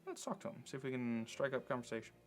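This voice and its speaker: A man's voice: mid-range voice, lively intonation, fast. A man playing a story game, thinking aloud with fillers and reading the on-screen text in casual commentary. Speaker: let's play gamer. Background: faint game music.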